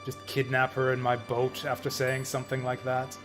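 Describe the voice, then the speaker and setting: A man's voice: medium pitch, completely flat delivery, normal speed, over music. A young man streaming a game, making joking asides and reacting to scenes in casual commentary.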